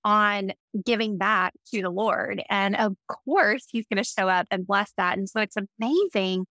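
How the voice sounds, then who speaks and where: A woman's voice: medium pitch, measured pace, bright, forceful tone, no room sound. A woman hosting a podcast interview, affirming her guest with enthusiastic reactions. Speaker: podcast host.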